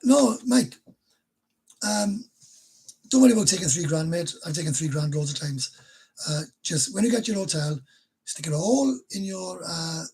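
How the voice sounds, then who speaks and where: A middle-aged man hosts a casual livestream in a high, slightly mellow voice with a breathy edge. He talks bluntly and chattily, swearing now and then, and the recording quality is low.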